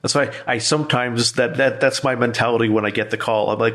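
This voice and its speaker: A man's voice: medium pitch, steady tone, brisk, a bit bright. A man hosting a podcast interview, chatting casually and playfully acting out how he stalls scammers. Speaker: podcast host.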